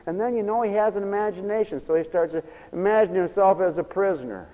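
A male preacher giving a fervent, repetitive sermon that swings between loud emphatic lines and low murmurs, recorded for radio in a church. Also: fast talker, dull audio. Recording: long reverberant hall, radio broadcast tape.

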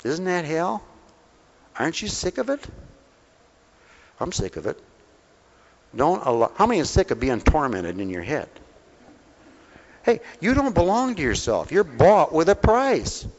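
A man's voice: on the high side, wildly swooping pitch, moderate pace, pauses often. Folksy preacher man, echoing hall. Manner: folksy, coaxing, calls listeners honey, call-and-response questions. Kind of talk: folksy sermon. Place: mission hall. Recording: dull reverberant hall recording.

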